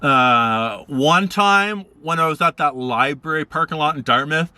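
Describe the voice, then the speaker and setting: A man's voice: unhurried, bright, forceful tone, dry recording. A man telling casual stories in a rambling, laid-back way on a vlog. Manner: rambling, laid-back, acts out quoted people in higher voices. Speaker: vlogger. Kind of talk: casual storytelling.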